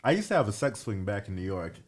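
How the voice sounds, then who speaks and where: A man's voice: lowish voice, sing-song, quick pace. A man co-hosting a dating advice show, asking curious, joking questions in casual chat.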